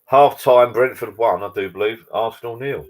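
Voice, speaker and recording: A man's voice: medium pitch, moderate pace. A man hosting a casual live chat from his garden bar. He rambles and greets viewers by name. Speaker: live stream host. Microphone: laptop.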